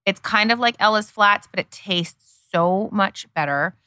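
A woman's voice: mid-range voice, a little slow, pushed and bright, no echo, clean studio sound. A middle-aged woman co-hosting a podcast in casual chat, enthusiastic and chatty, talking straight to listeners. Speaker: podcast co-host.

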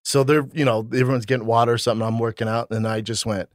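A man co-hosting a podcast, telling anecdotes in a lively way, laughing and swearing often. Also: mid-range voice, fast, dry recording, studio quality. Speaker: podcast co-host. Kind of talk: casual chat.

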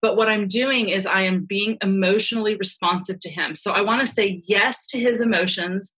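A woman's voice: medium pitch, steady tone, moderate pace, fairly bright tone, breathy edge, low-quality recording. A middle-aged woman, a parenting expert guest on a podcast, explaining earnestly and laughing lightly now and then.

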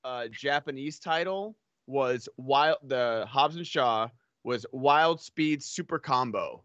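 A man co-hosting a casual chat show, playful and full of quick jokes. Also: medium pitch, lively intonation, a bit bright, no room sound, muffled recording. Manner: playful, jokey, quick reactions. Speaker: podcast co-host.

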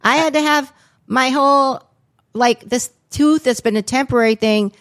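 A woman's voice: sits high, moderate pace. A woman co-hosting a podcast, telling a rambling story in casual chat, dropping swear words and lots of fillers. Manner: chatty, profane, rambling with many "like"s. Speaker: podcast co-host.

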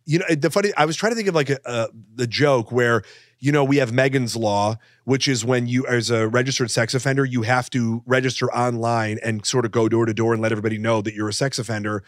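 A man's voice: medium pitch, steady tone, quick pace, dry recording. Guy cohosting a comedy podcast, rambly and jokey, um's everywhere, dry close mic. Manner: rambling, joking, lots of fillers. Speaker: podcast co-host. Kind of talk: casual comedic chat.

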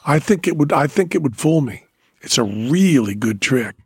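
Teasing older man with a husky voice. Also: fairly high pitch, lively intonation, moderate pace, a little mellow, no echo, studio quality. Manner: rambling, teasing. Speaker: podcast host. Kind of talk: casual chat.

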